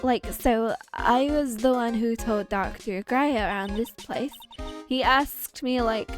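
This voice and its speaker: A woman's voice: fairly high pitch, takes it slowly, faint music behind. A woman voicing a ditzy young American college girl with an airheaded manner, full of "like", reading game dialogue aloud. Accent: American, put on. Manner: airheaded, peppered with "like".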